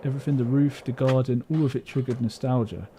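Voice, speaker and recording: A man with a mid-range, dark-toned voice talks fast with fairly even intonation, and there's a little hiss or hum in the background. He's streaming a game and chatting casually, rambling along and poking fun at himself.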